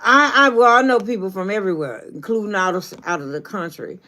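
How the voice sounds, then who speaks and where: A woman's voice: mid-range voice, brisk. Chatty Southern woman hosting a livestream. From New Orleans, Louisiana. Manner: chatty, greets viewers by name, drawling and animated. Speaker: YouTube coach hosting a livestream. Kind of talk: casual livestream chat.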